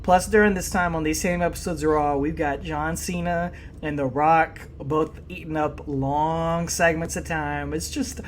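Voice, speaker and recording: A man's voice: on the high side, fairly even intonation, a little slow, few pauses, a little hiss or hum. Easygoing male podcast co-host. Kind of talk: casual chat.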